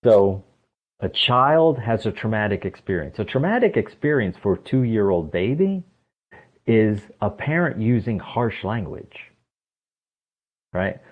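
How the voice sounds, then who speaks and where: A man explains his ideas emphatically and keeps asking rhetorical questions, speaking as an interview guest. His voice sits fairly low. It comes through a narrow, tinny line, like a phone call. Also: sing-song, a little slow. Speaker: podcast guest, stress coach.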